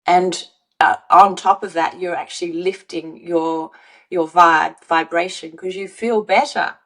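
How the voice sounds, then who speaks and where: A woman's voice: lowish voice, steady tone, measured pace, rough recording. An earnest woman in the role of an emotional-wellbeing coach, guesting on a podcast to give a motivational teaching talk. She leans on key words and repeats them for emphasis. She slips into the voices of example speakers as she explains.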